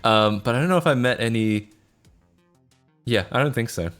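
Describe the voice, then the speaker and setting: A man's voice: mid-range voice, moderate pace, fairly bright tone, faint music behind. A tired young Australian man chatting casually with his stream, rambling and laughing, with lots of restarts. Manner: rambling, laughing often, many restarts and fillers. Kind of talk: casual live-stream chat.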